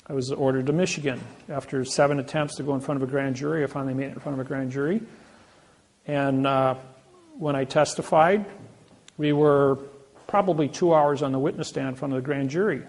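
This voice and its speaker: A man telling boastful stories to an audience, animated, with many restarts. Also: mid-range voice, a little fast. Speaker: seminar speaker. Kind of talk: storytelling talk to an audience.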